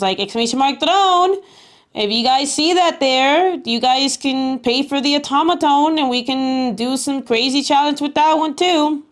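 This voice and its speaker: A young woman livestreaming, talking casually to her chat in a rambling, exasperated way with lots of fillers. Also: fairly high pitch. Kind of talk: casual live stream chat.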